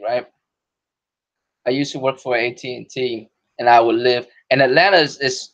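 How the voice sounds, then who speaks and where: A man hosting a casual podcast chat, talking in loose slang with plenty of cursing and frequent laughter. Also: mid-range voice. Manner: profane, slangy, laughs often. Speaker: podcast host. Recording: dull lo-fi podcast audio.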